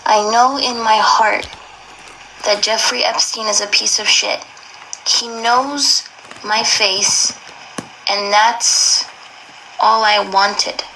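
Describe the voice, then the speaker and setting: A woman's voice: mid-range voice, fairly even intonation, takes it slowly, creaky, long pauses, bright, forceful tone, a little hiss or hum, low-quality recording. A young woman reading aloud and reacting emotionally, with many exclamations and slang.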